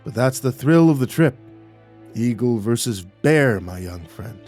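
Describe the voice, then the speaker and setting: A man voicing an ancient male skinwalker who speaks in a low, mocking, calmly amused way. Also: measured pace, soft background music. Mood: sly. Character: ancient sly male skinwalker, teasing and unhurried.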